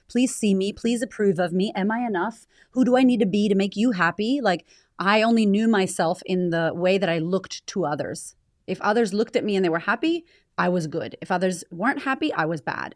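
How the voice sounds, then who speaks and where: A woman in her thirties, talking frankly and reflectively as an interview guest, with quick bursts and casual swearing. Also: lowish voice, no echo, studio quality. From United States. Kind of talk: candid conversational interview.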